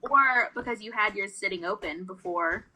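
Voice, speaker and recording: A woman's voice: mid-range voice, normal speed, background noise. A woman co-hosting a casual podcast chat, telling stories animatedly and acting out the quotes. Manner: animated storyteller, acts out quotes. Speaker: podcast co-host.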